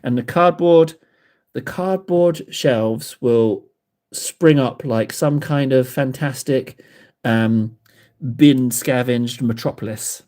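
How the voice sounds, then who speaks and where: This livestream host, painting miniatures, has a mid-range, darkish voice and talks at a slow pace. He chats casually with his live chat, rambling, self-mocking, and laughing often.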